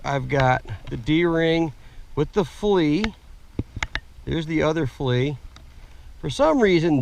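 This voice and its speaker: Outdoor gear vlogger, male, slightly rough voice, slow plain how-to delivery. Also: on the high side, a little hiss or hum. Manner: slow, plain step-by-step explaining with fillers. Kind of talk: casual how-to demonstration. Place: outdoors in woods.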